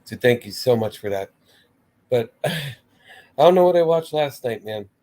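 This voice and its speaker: A man's voice: medium pitch, lively intonation, normal speed, darkish tone. A man hosting his own wrestling commentary show, rambling casually and getting exasperated, with swearing and mimicked reactions. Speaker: wrestling commentary channel host.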